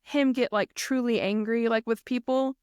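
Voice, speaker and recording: A woman's voice: a little high, normal speed, smooth, no echo. Chatty young-sounding woman co-host, dry mic. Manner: chatty, heavy use of "like", excitable. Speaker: podcast co-host. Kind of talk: casual chat.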